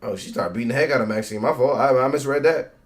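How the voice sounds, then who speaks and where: A man's voice: mid-range voice, quick pace. Rowdy man reacting to a wrestling show. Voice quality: slangy, profane. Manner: loud, excitable, yells at the screen. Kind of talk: casual live reaction commentary.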